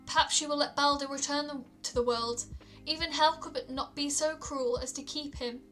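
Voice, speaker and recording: A woman's voice: high voice, fairly even intonation, normal speed, a bit bright, soft background music. A woman voicing a grieving goddess mother who urgently asks for help, in a read-aloud myth.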